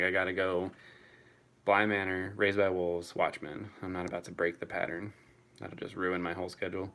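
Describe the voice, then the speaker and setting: A man's voice: low voice, fairly bright tone. A young man answering chat casually on a live stream, swearing freely and laughing often.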